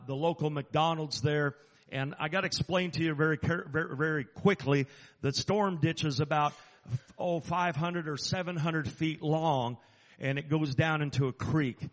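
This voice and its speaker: A man who is an assistant chaplain, telling a personal story in an earnest, halting and emphatic way. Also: a little high, in a large hall.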